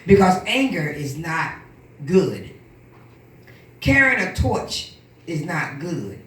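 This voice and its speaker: Animated woman testifying in church. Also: sits low, slow pace. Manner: animated storytelling with quoted voices. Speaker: minister. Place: church hall. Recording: echoey room from far off.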